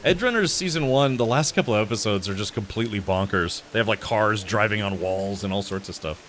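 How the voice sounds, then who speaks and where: A man's voice: fairly low pitch, fairly even intonation, brisk, fairly bright tone, a little hiss or hum. A man streaming a video game live, chatting casually with his viewers, rambling, laughing often and restarting his sentences. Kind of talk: casual live-stream chat while gaming.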